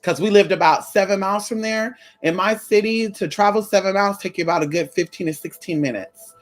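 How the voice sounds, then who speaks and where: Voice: mid-range voice, a little fast. A spiritual content creator in casual, profane chat, telling stories straight to viewers with frequent "girl", "honey" and "y'all".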